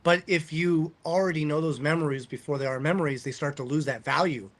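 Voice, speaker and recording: Man thinking aloud, fairly high voice. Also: fairly even intonation, a little fast. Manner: reflective, thinking aloud with restarts. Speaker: podcast host. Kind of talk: casual interview chat.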